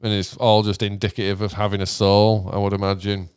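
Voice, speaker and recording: A British man in loose podcast chat, his low voice smooth and resonant. He swears freely and lets his sentences trail off and restart. The sound is dry and close, with no room around it. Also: flat delivery, fairly quick, no echo. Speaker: podcast co-host, musician. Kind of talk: casual chat.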